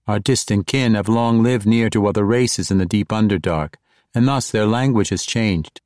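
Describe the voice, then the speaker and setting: A grave dark elf woman speaking in measured, formal sentences, put on by a man narrating. The voice sits a little above his own, close and dry. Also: lowish voice, dry recording, lightly acted. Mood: solemn.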